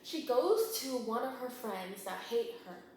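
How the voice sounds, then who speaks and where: A young woman casually retelling a thriller plot while baking, gossipy and quick, acting out the characters' lines. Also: on the high side, very animated, a little mellow. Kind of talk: casual chatty plot recap. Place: home kitchen. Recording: very echoey kitchen, faint hum.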